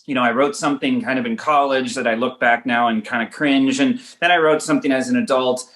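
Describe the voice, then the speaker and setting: A man from Los Angeles, a writer-director answering interview questions, thinking aloud and telling self-deprecating stories in halting restarts. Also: medium pitch, steady tone, fairly bright tone. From Los Angeles, United States.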